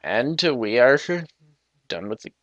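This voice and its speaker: A man hosting a let's play, giving relaxed, slow-paced commentary over faint game music. His voice has a bright, forward edge. He rambles a little and restarts his sentences as he talks. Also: mid-range voice, no room sound, dull audio. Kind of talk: casual gameplay commentary.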